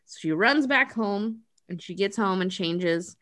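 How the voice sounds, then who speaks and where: A woman's voice: medium pitch, animated, measured pace, fairly bright tone. A woman hosting a podcast, recapping a movie in a chatty, sarcastic way with lots of swearing. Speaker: podcast host. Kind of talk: casual chat recapping a movie.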